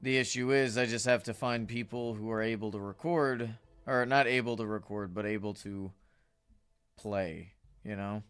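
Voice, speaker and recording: A man's voice: on the low side, fairly even intonation, moderate pace, fairly bright tone, clean tone. A man chatting casually with viewers while livestreaming a game, rambling and greeting chat. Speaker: streamer.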